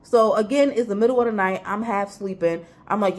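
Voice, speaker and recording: A young woman, telling a storytime vlog in a lively, conversational way and acting out what people said. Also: medium pitch, normal speed, few pauses. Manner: animated, conversational storytelling with acted-out quotes. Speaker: vlogger.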